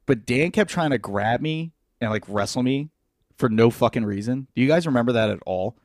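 A man hosting a podcast, telling a crude story in casual, animated chat. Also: mid-range voice, fairly quick, no room sound, studio quality. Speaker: podcast host.

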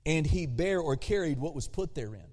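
A man preaching a sermon as a pastor, animated, swinging between loud emphasis and hushed asides. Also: on the high side, moderate pace. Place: church sanctuary. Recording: long hall reverb.

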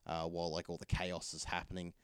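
Here the film reviewer's voice sits low and smooth, monotone and fast, as he rambles through a casual movie chat full of fillers and restarts. The recording is studio quality with no room sound.

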